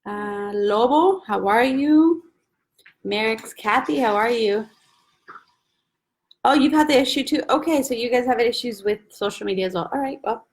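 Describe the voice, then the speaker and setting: A young woman hosting a weekly live stream from home, chatting casually and greeting viewers by name one after another. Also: fairly high pitch. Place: at home, husband and baby in the back.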